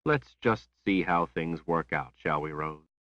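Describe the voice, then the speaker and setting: A man playing a cold, soft-spoken man. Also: low-pitched, no room sound, lo-fi sound. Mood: calm. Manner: calm, measured, quietly menacing. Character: cold, calculating man, quiet and controlled.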